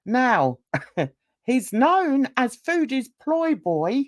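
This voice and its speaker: A woman putting on a mock-formal female newsreader voice, speaking slowly and deliberately. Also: sits high, very animated, no room sound, studio quality, voice pushed up, full character voice. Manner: slow, deliberate newsreader delivery.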